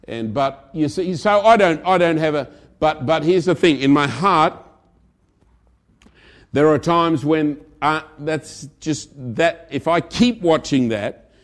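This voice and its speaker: A male pastor preaching a sermon in a conversational way, swinging between loud emphasis and quiet asides. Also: medium pitch.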